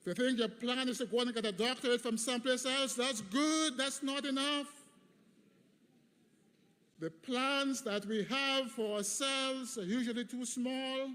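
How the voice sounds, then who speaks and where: This commencement speaker, a man in his fifties, has a very high, smooth, slightly bright voice and an unhurried delivery. His preached address in a large graduation hall is emphatic and rhythmically repetitive, heard through long hall reverb.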